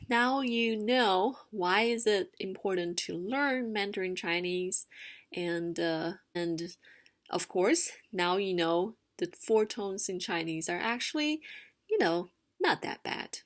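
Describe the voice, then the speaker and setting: A woman teaching a casual language lesson at a slow, deliberate pace. She talks in an unhurried way, with fillers and a few sung-out demonstrations. Her voice sits at a middle pitch. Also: animated, fairly bright tone. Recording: screen-recorded narration.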